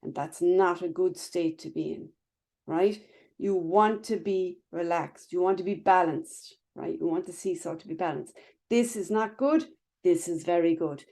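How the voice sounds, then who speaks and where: A woman's voice: fairly low pitch, measured pace, creaky, mellow. A woman teaching a class over a video call, chatty, explaining with everyday images and checking in with "right?" and "okay?" after nearly every phrase. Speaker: wellness instructor.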